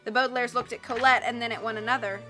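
Bright-voiced woman reading a storybook aloud. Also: a little high, rapid-fire, soft background music. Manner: steady, clear read-aloud delivery. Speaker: audiobook reader. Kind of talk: storybook narration.

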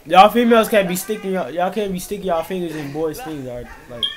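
A man's voice: high voice, quick pace, a crowd in the background. Indignant complaining young man. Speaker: prank target. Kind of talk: casual prank vlog chat.

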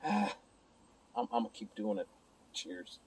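A man's voice: lowish voice, very animated, unhurried, darkish tone, slight background noise, poor audio. A man casually reviewing a beer alone at home, rambling and chatting to his viewers and to himself.

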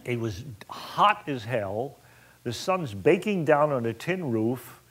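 A man's voice: mid-range voice, slow pace. A man, a film director, telling an anecdote to an audience and acting out bits of dialogue. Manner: animated, colorful storyteller who acts out dialogue.

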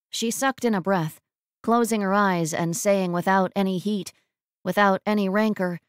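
A woman narrating a romance audiobook in a measured, emotive reading on a close mic. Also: mid-range voice, fairly even intonation, smooth, no echo. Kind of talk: scripted narration.

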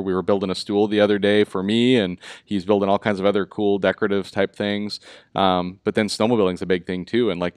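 A man's voice: low-pitched, no room sound, studio quality. A man with a Minnesota accent hosting a live online talk show, chatty and upbeat, with lots of fillers. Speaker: host. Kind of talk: casual live show chat.

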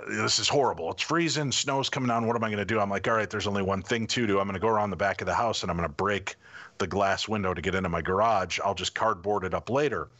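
A middle-aged man, a podcast guest, telling a personal story in a lively way and acting out what people said. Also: lowish voice. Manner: animated anecdotal storytelling, acting out quotes. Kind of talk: casual storytelling.

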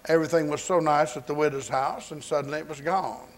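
Pastor, man, slightly high voice, folksy storytelling preacher, 1980s sermon tape. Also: fairly even intonation, quick pace.

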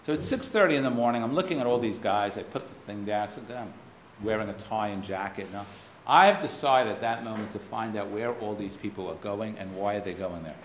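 A man's voice: lowish voice, fairly quick. An American man with a faded Boston accent giving a keynote lecture, a wry, digressive storyteller with blunt asides. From United States. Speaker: keynote speaker. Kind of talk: anecdotal lecture. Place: lecture hall. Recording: roomy hall with faint noise.

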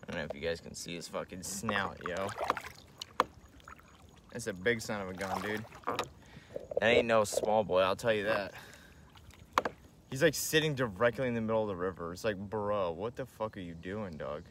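A young man talking casually on a live stream from a kayak on a river, slangy, swearing and excitable. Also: on the low side, normal speed, long pauses. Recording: loud outdoor wind and water noise.

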